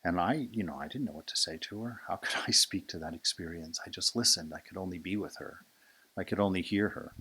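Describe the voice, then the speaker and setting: A man in his sixties giving a conversational Sunday sermon as a swami, asking "right?" often and moving from hushed to emphatic. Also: sits low, quick pace, husky. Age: 60s. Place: monastery lecture hall.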